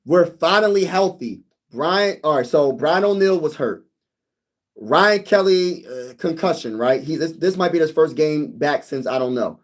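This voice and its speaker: Casting note: young male livestream host, a little high-voiced, excitable and chatty, chats with his viewers. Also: measured pace. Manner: excitable, talks to viewers as "y'all", sings snippets. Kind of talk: casual live chat reading comments.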